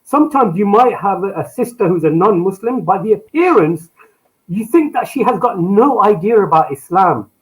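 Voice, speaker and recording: A man's voice: high-pitched, lively intonation, moderate pace, low-quality recording. A man on a panel sharing his experience in an earnest, informal way. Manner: earnest, informal, uses "like" often. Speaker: panel guest. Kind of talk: casual panel chat.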